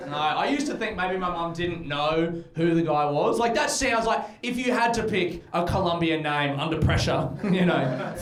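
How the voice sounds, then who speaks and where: A young Australian comedian working the crowd with a bright, high voice. He sounds brash and profane and laughs at his own lines, and the club is roomy and echoey, with a loud audience laughing all around him. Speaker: stand-up comedian. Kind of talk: stand-up comedy with crowd work.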